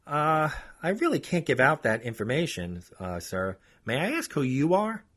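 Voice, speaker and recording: A man's voice: a little high, very animated, normal speed, a bit bright, pitched above the performer's own voice. A man voicing a polite, cautious woman who answers a phone in a formal office manner. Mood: guarded, polite.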